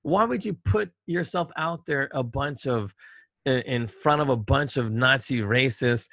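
A man's voice: mid-range voice, unhurried, fairly bright tone, dry recording. Emphatic middle-aged male talk host. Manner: emphatic, rhetorical, repeats himself. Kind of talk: casual political talk.

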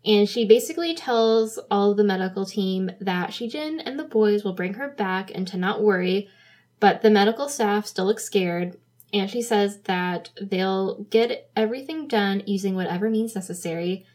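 A woman's voice: mid-range voice, normal speed, darkish tone. Casual chatty woman co-host. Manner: casual, laughs easily, frequent fillers. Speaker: podcast co-host. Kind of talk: casual chat recapping a drama episode.

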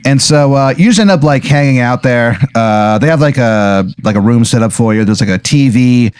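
A man's voice: mid-range voice, normal speed, darkish tone, clear, resonant tone. A man running an improvised comedy role-play as game master, rambling along with lots of filler words.

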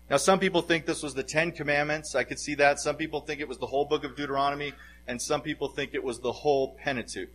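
A man's voice: fairly high pitch, fairly bright tone, poor audio. A middle-aged man preaching a sermon as pastor, earnest and emphatic, his voice swelling in bursts of force.

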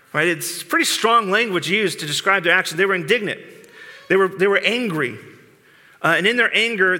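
A man's voice: high-pitched, pushed and bright, in a large hall. A male pastor preaching a sermon in an earnest, informal way, often restarting and repeating words. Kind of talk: conversational sermon.

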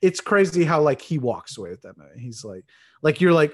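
A man's voice: fairly high pitch, sing-song, brisk, slightly rough. A man in casual chat about films, enthusiastic and laughing, calling his friend dude and man.

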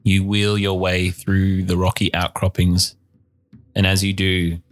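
A man's voice: low-pitched, monotone, measured pace. A man narrating as game master of a tabletop game, describing scenes steadily.

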